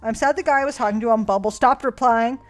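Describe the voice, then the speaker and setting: Young woman on stream reading old letters, snarky, cusses a lot, kinda high voice, soft music in the back. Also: quick pace. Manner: sarcastic, swears freely, mocks her past self. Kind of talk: casual chat reading old diary letters aloud. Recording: faint music behind.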